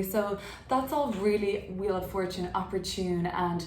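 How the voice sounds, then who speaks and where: A woman's voice: medium pitch, a little slow, a little mellow, echoey room, slight background noise. A woman giving a casual tarot reading from her apartment, chatty and full of fillers. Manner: chatty, filler-heavy, laughs easily. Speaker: tarot reader.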